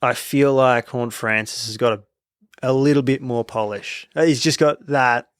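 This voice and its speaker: A man's voice: medium pitch, steady tone, moderate pace, smooth, no echo, clean studio sound. A young Australian man co-hosting a sports podcast, laid-back and casual, dropping "mate" often. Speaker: podcast co-host.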